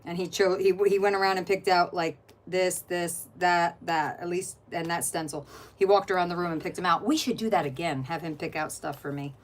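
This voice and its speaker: A woman's voice: fairly low pitch, fairly even intonation, fairly quick. A middle-aged woman hosting an art journaling channel, chatting casually while flipping through her journal and greeting viewers by name.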